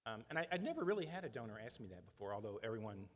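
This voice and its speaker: A man's voice: lowish voice, big pitch swings, very fast. A middle-aged man leading a nonprofit, giving a conversational, earnest speech at a fundraising breakfast and often adding "right?" as an aside. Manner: conversational and earnest, with frequent "right?" tag questions. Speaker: nonprofit leader addressing donors. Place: large event hall. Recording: reverberant banquet hall.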